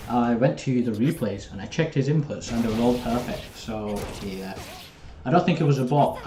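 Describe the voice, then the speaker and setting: A man's voice: medium pitch, warm tone. A young man, chatting casually with viewers while commenting on his own live gameplay. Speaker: streamer. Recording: roomy echo.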